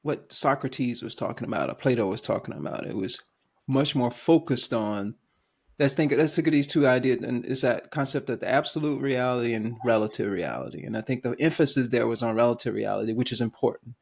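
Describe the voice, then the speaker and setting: A man hosting a spiritual podcast, speaking slowly and thoughtfully and often stopping to find the right word. There is some gravel in his voice. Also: mid-range voice. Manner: searching for words, halting, thoughtful. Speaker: podcast host. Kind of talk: casual conversation.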